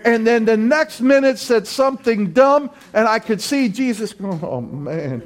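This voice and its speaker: High-voiced man preaching emphatically. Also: normal speed. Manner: emphatic preaching with call-and-response. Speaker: pastor. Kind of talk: sermon.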